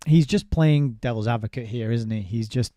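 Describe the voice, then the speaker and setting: Male book reviewer with a deep, warm, dark tone and a dry close sound. He is sardonic and halting. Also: no echo. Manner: sardonic asides with halting restarts. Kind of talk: casual spoken book review, reading passages aloud.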